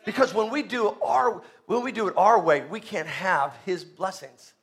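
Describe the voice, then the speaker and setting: A male pastor preaching a sermon, dropping to hushed low asides and rising to shouted exhortation, calling on the congregation to answer him. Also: moderate pace. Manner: calls for congregation responses.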